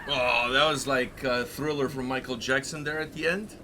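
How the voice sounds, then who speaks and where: A man's voice: medium pitch, fairly even intonation, normal speed, noisy background. A man co-hosting a music reaction video, talking casually and animatedly, with many fillers and repeated phrases. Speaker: reaction channel co-host.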